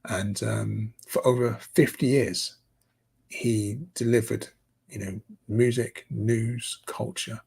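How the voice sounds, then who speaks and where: A man's voice: fairly low pitch, fairly even intonation, slow, creaky, darkish tone, slightly rough. A man hosting a community news update in casual, rambling commentary full of fillers and restarts. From United Kingdom.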